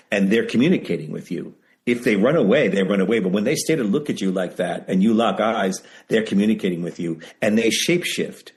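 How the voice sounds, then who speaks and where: A man being interviewed over a video call, telling stories in an animated, emphatic way and repeating phrases for effect. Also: low voice. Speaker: memoir author guest. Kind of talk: casual interview storytelling.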